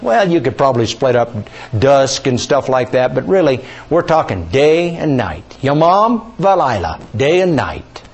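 A male pastor teaching a sermon, asking the congregation questions, repeating key words and stretching scripture quotes out slowly. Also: fairly high pitch, darkish tone, breathy edge.

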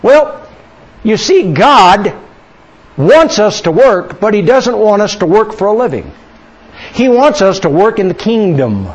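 A man preaching a sermon, asking the congregation questions and slowing down for emphasis. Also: high voice, sing-song, breathy edge. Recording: dull lo-fi sermon recording.

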